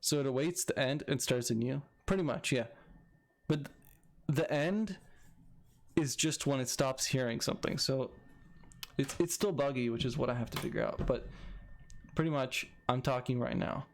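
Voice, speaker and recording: Gravelly young man rambling. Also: mid-range voice, normal speed. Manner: rambling, thinks aloud with restarts. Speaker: video creator. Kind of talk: casual coding vlog.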